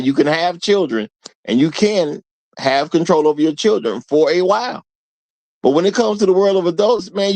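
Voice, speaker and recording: Lively animated man hosting a talk show. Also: on the high side, no room sound. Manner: animated, acts out quotes, laughs often. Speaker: host. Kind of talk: casual commentary.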